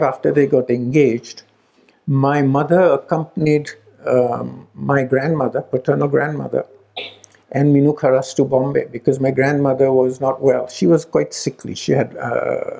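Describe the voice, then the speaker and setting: A man's voice: mid-range voice, fairly even intonation, moderate pace, creaky, mellow. A middle-aged man telling a family story at a gathering, acting out the voices of the people in it. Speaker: speaker at a spiritual retreat. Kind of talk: storytelling talk.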